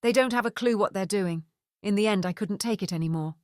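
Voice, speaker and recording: A woman's voice: medium pitch, brisk, darkish tone, no echo, close to an everyday voice. A fed-up ex-detective man, read by a woman narrating a storybook, blunt and grumbling. The voice sits dry and close to the mic.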